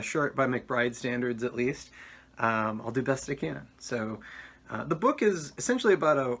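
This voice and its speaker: Male author, casual vlog delivery, mid-range pitch, loose and rambling, lots of ums. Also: a bit bright. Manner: rambling with frequent ums and uhs. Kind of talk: casual talk to camera.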